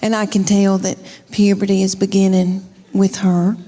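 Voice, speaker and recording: A woman's voice: medium pitch, level tone, moderate pace, warm tone, long reverb tail. A middle-aged woman with a Southern US accent telling stand-up stories in a folksy drawl with mock quotes. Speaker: stand-up comedian. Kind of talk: stand-up comedy storytelling. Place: theater stage before a live audience. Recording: live show, audience noise behind. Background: audience laughter.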